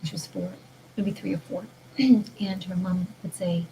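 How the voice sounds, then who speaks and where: A woman's voice: on the low side, very animated, unhurried, mellow, a little hiss or hum, low-quality recording. A woman talking in an earnest, rambling way about mindful living, often restarting her sentences. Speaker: vlogger. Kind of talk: casual spiritual monologue.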